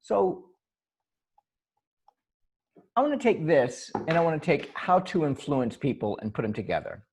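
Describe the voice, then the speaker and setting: A man co-hosting a casual podcast chat over a video call, animated and laughing often, with frequent restarts. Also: a little high, fairly quick, slight background noise. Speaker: podcast co-host. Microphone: video call mic.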